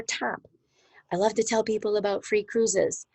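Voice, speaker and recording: A woman's voice: mid-range voice, steady tone, moderate pace, a little mellow, slightly rough, dry recording. A middle-aged woman leading her sales team on a video call, upbeat and encouraging, chatting with asides.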